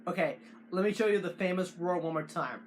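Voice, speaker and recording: A man hosting a casual how-to video, talking in halting bursts with frequent restarts and fillers. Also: sits high, slight background noise. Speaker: tutorial host.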